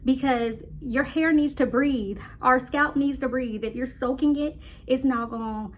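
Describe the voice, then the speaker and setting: Breathless, chatty young woman vlogger. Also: high-pitched. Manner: chatty, rambling, talks fast, addresses viewers as y'all. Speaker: hair care vlogger. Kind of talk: casual chat to camera.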